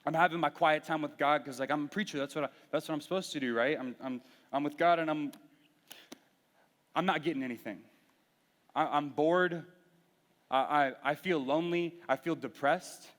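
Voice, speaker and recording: A man's voice: on the high side, normal speed, fairly bright tone. A young man preaching to a youth group, telling a personal story candidly and earnestly, with frequent restarts. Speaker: youth pastor. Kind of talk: sermon. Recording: reverberant hall.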